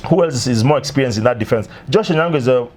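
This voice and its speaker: Lively man rattling off football squad names. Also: medium pitch. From Kenya. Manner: lively, lists names quickly with many fillers. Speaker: sports show host. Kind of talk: casual football talk.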